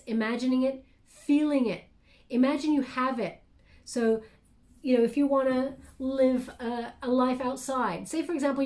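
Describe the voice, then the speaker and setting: A woman's voice: fairly high pitch, warm tone. A woman giving a channeled tarot reading to camera, musing and hesitant, with many fillers and restarts. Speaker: tarot reader.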